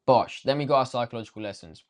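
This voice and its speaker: A man's voice: medium pitch, fast. A young man teaching a casual trading lesson, slangy and swearing freely, talking straight to viewers. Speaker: trading coach.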